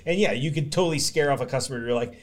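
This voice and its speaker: A man hosting a relaxed conversation, rattling along at a fast clip. His voice sits a bit high for a man, and he keeps it playful and chatty. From northern United States. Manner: quick, jokey, chatty. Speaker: podcast host. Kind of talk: casual chat.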